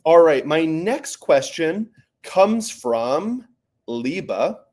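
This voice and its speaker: Lively-voiced man answering parent questions. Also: fairly high pitch, very slow. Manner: conversational, with frequent fillers and "right?" tags. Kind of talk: live Q&A, casual explaining.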